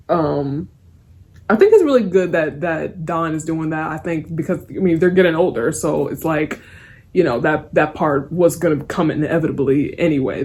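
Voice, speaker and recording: A woman's voice: deep voice, darkish tone. A young woman giving a casual spoken review of a TV episode, rambling and giggly, with lots of fillers and restarts. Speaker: TV series reviewer.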